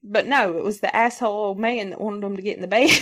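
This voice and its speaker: A woman's voice: mid-range voice, fairly even intonation, brisk, a bit bright. A woman in her thirties co-hosting a casual podcast, swearing freely, laughing often and acting out quoted voices. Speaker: podcast co-host. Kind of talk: casual chat.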